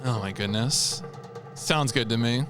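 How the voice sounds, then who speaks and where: A man streaming a video game, chatting casually with viewers in an animated way and laughing often. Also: medium pitch, unhurried, music in the background.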